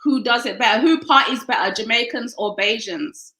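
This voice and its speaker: A woman's voice: on the high side, moderate pace, sharp tone. A woman hosting an interview in a casual, upbeat and teasing way. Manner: upbeat, teasing, laughs often. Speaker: interview host. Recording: roomy echo.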